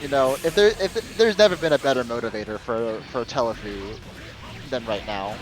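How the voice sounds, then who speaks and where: A man casually commentating a fighting game tournament match, chatty with lots of fillers and quick reactions. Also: mid-range voice, rough recording. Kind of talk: casual live esports commentary.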